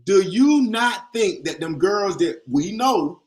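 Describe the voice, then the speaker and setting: A man's voice: sits high, animated, slow. A man co-hosting a casual podcast, telling stories emphatically and slipping into mock quotes. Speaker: podcast co-host.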